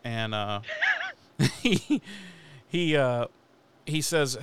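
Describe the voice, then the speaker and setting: A man's voice: medium pitch, animated, extremely slow, background noise. A man hosting a podcast, recapping an episode in casual, profane chat and laughing at the story. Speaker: podcast host.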